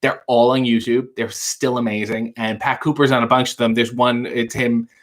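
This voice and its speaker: A man's voice: mid-range voice, little pitch movement, normal speed. A man hosting a casual late-night livestream, answering viewer chat with dry, wry quips. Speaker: livestream talk show host reading viewer chat.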